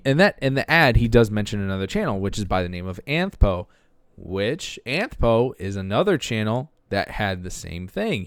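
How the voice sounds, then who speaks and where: A man's voice: on the low side, no echo, clean studio sound. A man hosting a podcast, talking casually and rambling with lots of fillers and restarts while browsing videos. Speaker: podcast host.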